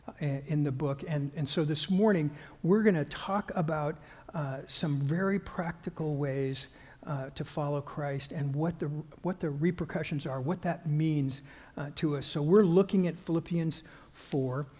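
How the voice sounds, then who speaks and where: Higher-voiced male pastor preaching in a reverberant hall. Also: a little mellow. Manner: conversational, halting with frequent fillers and restarts, growing more emphatic. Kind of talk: sermon.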